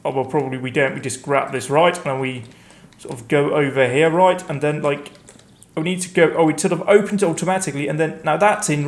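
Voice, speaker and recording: A man talks his way through a game, rambling and poking fun at himself as he goes. His voice sits a little higher than most men's. Every so often he breaks into panicked outcries. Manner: chatty, rambling, self-mocking. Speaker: let's play host. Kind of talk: gameplay commentary.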